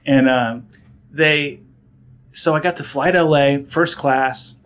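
A man in a casual interview, telling stories from his career at an animated pace. He fills his talk with "um" and "like", restarts his sentences, and often jumps into other people's voices. His pitch sits in a plain middle range. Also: moderate pace. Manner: animated storyteller, many fillers and restarts, acts out voices. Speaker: guest, director and actor.

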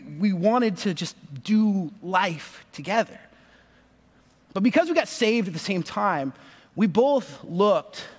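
A man in his thirties, a pastor telling a story in a sermon, animated and acting out the voices of the people in it. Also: sits high. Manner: animated, acts out voices in stories. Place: church sanctuary. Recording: long reverb of a large hall.

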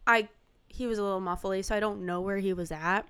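A young woman in casual chat, telling a story with animated acted-out quotes. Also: medium pitch, fast, clean tone.

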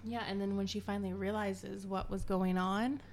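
Woman podcast co-host, mid-pitched, relaxed swearing recap, faint hiss in the background. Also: normal speed. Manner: animated recap, swears freely, acts out characters' lines. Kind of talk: casual book chat.

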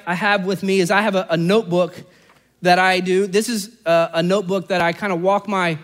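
High-voiced preacher, earnest and conversational. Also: male voice, a bit bright. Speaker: pastor. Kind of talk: sermon.

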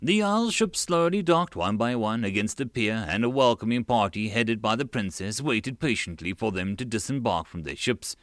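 Male narrator for a fantasy audiobook; mid pitch, very expressive, dry booth sound. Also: moderate pace, hardly any pauses, dry recording. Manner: expressive reading voicing all characters. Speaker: audiobook reader.

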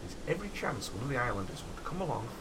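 A man's voice: mid-range voice, very animated, racing. A man, telling a spooky history story in a rambling, casual way with many restarts. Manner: rambling, restarts, dramatic asides. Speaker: podcast storyteller. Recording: noisy background.

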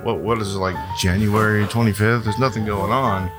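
A man's voice: fairly low pitch, fairly even intonation, normal speed, music in the background. A man hosting a podcast in casual joking chat, rambling and stumbling over words with frequent laughter. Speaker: podcast host.

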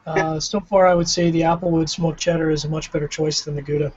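A man's voice: on the high side, flat delivery, quick pace, a little mellow, a little hiss or hum. A man with a Canadian accent co-hosting a casual tasting chat, musing and self-deprecating. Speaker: co-host of a cigar pairing show. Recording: dull lo-fi audio.

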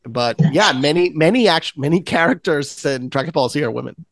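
A man's voice: a little high, expressive, normal speed, dry recording. A man hosting a casual podcast chat, rambling with many restarts. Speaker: podcast host.

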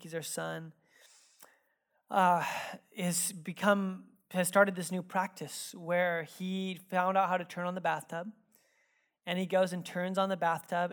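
A male pastor delivers a sermon in a loose, conversational way, weaving in stories from home. His talk is full of casual fillers. In reflective moments he softens to a hushed, earnest tone. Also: sits high. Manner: drops to hushed, earnest tones when reflective. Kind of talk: sermon with personal storytelling. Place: church sanctuary.

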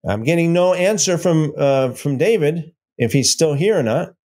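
A man's voice: sits high, expressive, normal speed, hardly any pauses, a little mellow. A man hosting a casual livestream, rambling and taunting, repeating himself as he reads viewer comments. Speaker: livestream host.

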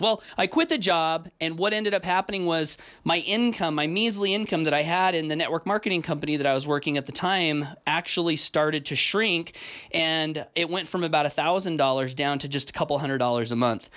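A man's voice: on the high side, a little fast, fairly bright tone. A man in his forties hosting a podcast, telling a personal story in an earnest, emotional way with frequent restarts. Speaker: podcast host.

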